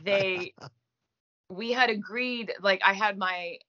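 Her voice is medium-pitched and sharp, and she speaks slowly over a muffled recording. She's a thirtysomething actress from Gaspé, eastern Quebec, whose first language is French and who carries a light French Canadian accent. In a relaxed interview she's self-deprecating and leans on many fillers.

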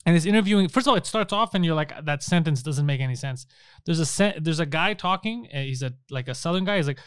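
A man's voice: fairly high pitch, expressive, fast, smooth, dry recording, studio quality. A young Canadian man chatting casually on a podcast, a profane, mocking storyteller who acts out the people he quotes. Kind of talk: casual chat.

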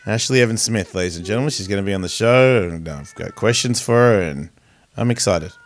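A man's voice: on the low side, brisk. A man hosting a podcast in casual chat, rambling, profane and easily sidetracked, recorded in a home studio. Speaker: podcast host. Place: home studio with a pet cat nearby.

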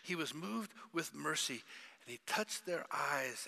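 A male pastor delivers a sermon with a bright, cutting edge to his gravelly voice. He swings from loud, dramatic cries to hushed whispers. The sound carries with a long reverb through a church sanctuary. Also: a little high, animated, unhurried. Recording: long reverb of a large hall.

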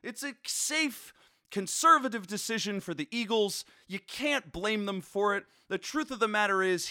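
A man's voice: high voice, bright, forceful tone. A man hosting a casual solo sports podcast from his bedroom, rambling with jokey, playful asides.

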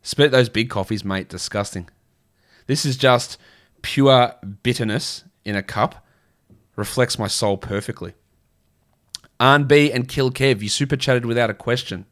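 A man's voice: medium pitch, measured pace, fairly bright tone. A man with an Australian accent hosting a casual fantasy basketball livestream, chatting bluntly and answering viewer questions, with frequent restarts and fillers.

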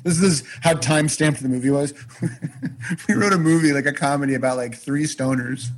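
A man telling a personal career story in casual chat on a podcast, animated, swearing freely and often restarting his sentences. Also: a little high, normal speed, poor audio. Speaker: podcast guest.

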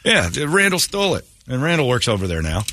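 A man hosting a radio show, ranting and teasing in animated, casual talk from a studio. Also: mid-range voice, fast, no room sound. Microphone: studio microphone.

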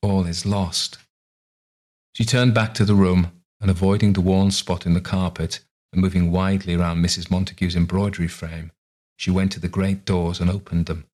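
A man with a deep, husky voice reads a story aloud. His narration is calm and measured, taking time over each scene. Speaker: reader. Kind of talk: scripted narration.

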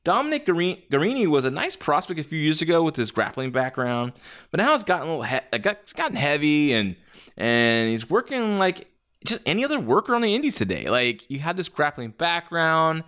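Lively, rambling man reviewing matches. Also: fairly high pitch, brisk. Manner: rambling, many fillers and restarts; blunt, opinionated. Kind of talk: casual spoken review.

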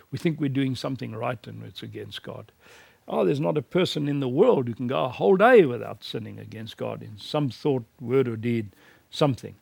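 Gravelly man lecturing earnestly. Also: medium pitch, expressive, brisk, a little mellow, dry recording. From South Africa. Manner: earnest, emphatic preaching cadence with personal anecdotes. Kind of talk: recorded teaching lecture.

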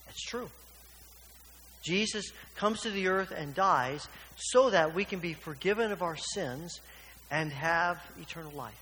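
A pastor preaches earnestly in a church, leaning on rhetorical questions. His high-pitched voice sounds pushed and bright, and he speaks a little slowly. The church hall is reverberant, with a faint hiss.

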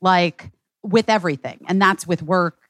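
Woman co-host, very low voice, dry mic, emotional and chatty. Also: moderate pace, fairly bright tone, no echo. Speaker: podcast co-host. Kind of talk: casual podcast chat.

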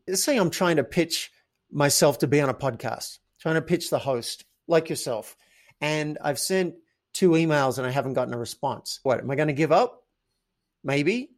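A man, a podcast guest who tells stories animatedly and acts out his own quoted thoughts. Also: on the high side. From Australia. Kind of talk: casual interview chat.

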